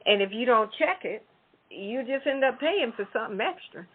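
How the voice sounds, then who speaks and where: A woman co-hosting a talk show, chatting casually and answering in a measured, reflective way. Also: a little high, expressive, husky. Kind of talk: casual chat. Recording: phone-like lo-fi audio.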